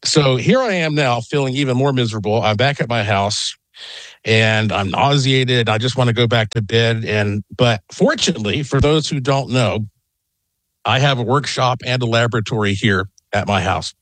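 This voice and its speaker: A middle-aged man, a guest on a call-in radio interview, telling an excited, rambling story from his home. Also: medium pitch, normal speed, dry recording. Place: home in Las Vegas.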